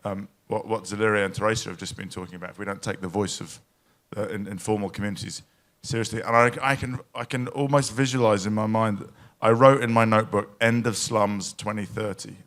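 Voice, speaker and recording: A man giving an emotional, anecdotal speech at a live event in a pavilion, full of restarts and halting asides. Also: fairly low pitch, fairly even intonation, fairly bright tone. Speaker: panel speaker at a climate event.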